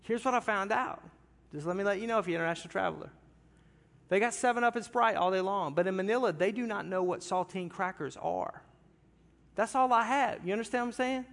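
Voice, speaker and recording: A man's high-pitched, creaky, slightly bright voice moves fairly quickly as he, a pastor, tells a comic story in a sermon. He talks animatedly and directly with the congregation, and the big church sanctuary adds long hall reverb.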